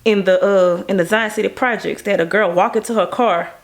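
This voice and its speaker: Woman, gravelly voice at an ordinary pitch, lively casual interview storyteller. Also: brisk. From Baton Rouge, Louisiana. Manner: animated, acts out quoted people in a higher voice. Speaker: music video director.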